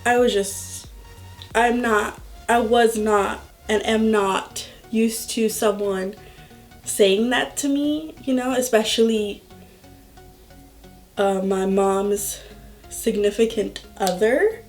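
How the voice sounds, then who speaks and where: A young woman vlogger telling a personal story in a slow, halting way, full of filler words. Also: a little high, fairly even intonation, faint music behind. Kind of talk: storytime vlog.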